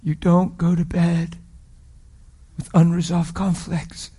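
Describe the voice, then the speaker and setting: A middle-aged man preaching a sermon with a somewhat high-pitched voice. He tells his story with strong emotion, rising loud and then dropping to a hush. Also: flat delivery, slow pace, husky. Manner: emotional storytelling, shifts from loud to hushed whispers. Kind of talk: sermon testimony.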